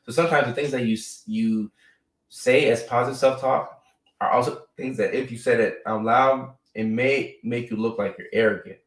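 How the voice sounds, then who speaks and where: A man's voice: medium pitch, steady tone, normal speed, far from the mic. A man hosting a live stream in a casual, chatty way, often tagging his points with "right?" and fillers. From United States. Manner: conversational, frequent "right?" and fillers. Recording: echoey room, a bit off-mic.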